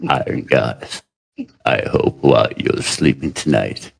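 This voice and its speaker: A man reading a message aloud in a put-on low, seductive voice. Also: measured pace, vocal fry, slightly rough, exaggerated voice. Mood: mock-sultry.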